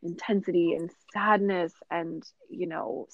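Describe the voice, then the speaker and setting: A woman guest and yoga teacher, talking in a relaxed, reflective way with many fillers and frequent laughs. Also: on the low side, a little slow, dry recording. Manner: chatty and reflective, many "you know" fillers, laughs often. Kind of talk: casual podcast conversation. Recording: dull, lo-fi sound.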